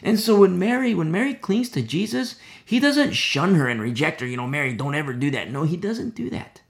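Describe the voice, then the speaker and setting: A man's voice: high voice, very animated, moderate pace, vocal fry. A man preaching a conversational sermon, full of fillers and acted-out quotes, at times dropping to a whisper. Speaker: pastor.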